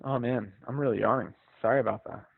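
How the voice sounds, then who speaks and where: A man leading a live stretching class, guiding breaths and counts in a relaxed, encouraging, chatty way and checking in with students by name. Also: mid-range voice, quick pace, gravelly, husky, no echo. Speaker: fitness instructor. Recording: dry tinny phone-like sound.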